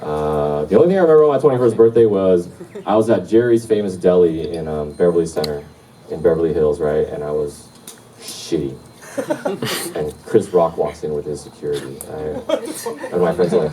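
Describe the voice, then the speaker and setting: A man in his forties doing a loose, swearing stand-up set and telling stories, with sudden shouted impressions. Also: a bass voice, brisk, noisy background. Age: 40s. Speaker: stand-up comedian. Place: club or hall with a live crowd. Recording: distant mic in a roomy hall, loud crowd.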